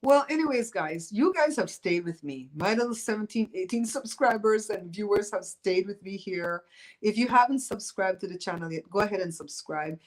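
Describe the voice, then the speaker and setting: A Belizean woman in her fifties hosts a livestream from home, chatting loosely with viewers in a teasing, opinionated way. Her medium-pitched voice is animated and moves at a normal speed. The audio quality is poor.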